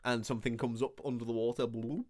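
A man's voice: mid-range voice, fairly quick, a bit bright. A man co-hosting a podcast, retelling a film's plot in casual chat and acting out the characters' lines. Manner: laughing, retelling the plot with acted quotes. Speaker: podcast co-host. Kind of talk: casual film recap chat.

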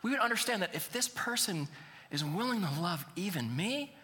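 A man's voice: sits high, lively intonation, moderate pace, bright, forceful tone, in a large hall. A man preaching a sermon as pastor, earnest and building to emphatic appeals.

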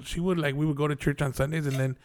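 A man's voice: fairly high pitch, fairly even intonation, quick pace, darkish tone. A man in casual chat, asking teasing questions and mixing in Spanish.

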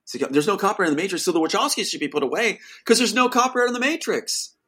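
A man's voice: high-pitched, animated, very fast, pushed and bright, breathy edge. A man, the guest, telling an emotional personal account in an insistent voice that rises to pleading outbursts.

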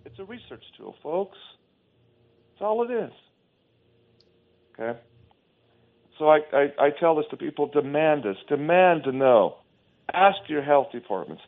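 Heard over a phone line, a fairly high-pitched man appears as a talk-show guest, speaking emphatically and with scorn while frequently restarting his sentences.

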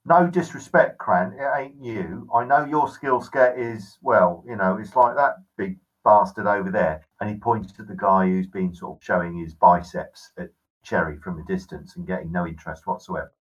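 A man voicing a gruff, blunt male pirate captain who talks roughly and drops his words. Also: low-pitched, moderate pace, recorded from a distance, highs cut off.

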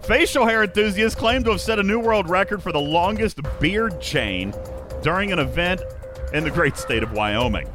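Animated, laughing podcast host. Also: male voice, high voice, moderate pace, music in the background. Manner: animated, laughs through his jokes. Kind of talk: comedic news bits and casual chat.

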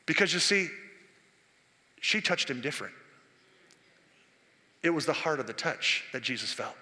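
A senior pastor in his sixties preaches a sermon in a church sanctuary, telling stories with impassioned delivery that rises to near-shouted peaks. His voice is on the high side and expressive, at a moderate pace. The long reverb of the church hall surrounds him.

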